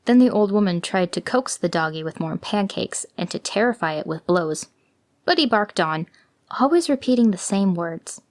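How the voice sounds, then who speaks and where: A woman telling a fairy tale in an expressive, gentle scripted reading. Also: mid-range voice, normal speed. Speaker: storyteller.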